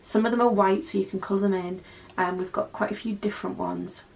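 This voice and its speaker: A woman's voice: mid-range voice, fairly even intonation, brisk, gravelly, darkish tone, a little hiss or hum. A woman in her twenties with a North East English accent, chatting casually to her viewers with wry asides. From North East England. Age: 20s. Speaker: channel host. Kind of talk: casual chatty vlog unboxing.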